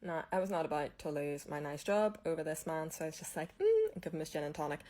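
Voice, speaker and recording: Young Irish woman, low voice, chatty and wry storyteller. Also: fast, darkish tone, a little hiss or hum. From Ireland. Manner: chatty, wry, a bit sweary. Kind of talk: casual storytelling to camera.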